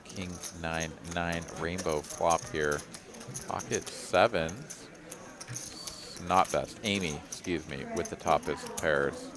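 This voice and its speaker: Low-voiced man calling poker. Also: slow. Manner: relaxed, joking, promotional asides. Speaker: poker commentator. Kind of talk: live poker play-by-play commentary. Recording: busy card room crowd behind.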